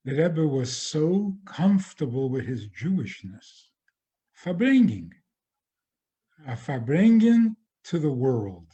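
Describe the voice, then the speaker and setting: A man, a rabbi, giving a spoken lecture in a measured way, often restarting and repeating phrases. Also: fairly high pitch, sing-song, dark tone, muffled recording.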